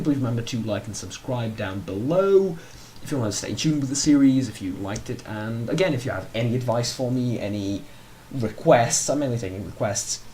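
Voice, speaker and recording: A man's voice: lowish voice, warm tone, slight background noise. A man hosting a let's play, giving casual, rambling commentary on his strategy game and often correcting himself mid-sentence. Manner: rambling, chatty, self-correcting.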